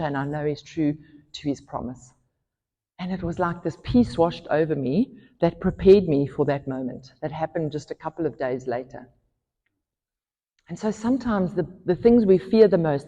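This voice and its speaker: A woman's voice: deep voice, mellow, lo-fi sound. A woman pastor preaching a sermon, earnest and emphatic, rising in force when she reads scripture. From South Africa. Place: church hall. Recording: church hall reverb.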